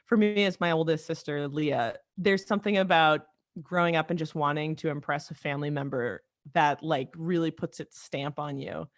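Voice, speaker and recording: Brief: woman guest, comedy writer, casual animated chat with quick asides, dry close-miked podcast sound. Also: sits low, no echo.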